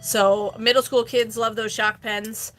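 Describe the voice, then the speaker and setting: A middle-aged woman hosting a casual live stream, chatty and quick to laugh as she reads viewer comments aloud. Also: fairly high pitch, level tone, background noise. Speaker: host, online reseller.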